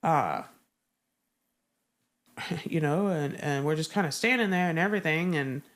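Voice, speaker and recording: A woman's voice: low-pitched, measured pace. A woman guest in a casual interview, telling a story with lots of swearing and acted-out quotes. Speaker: Navy veteran.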